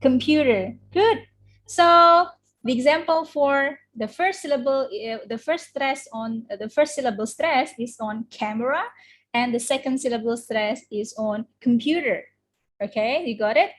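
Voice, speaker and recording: A woman's voice: sits high, normal speed. A woman with an Indonesian accent teaching English vocabulary in a classroom, having students repeat words after her. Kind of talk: classroom lesson.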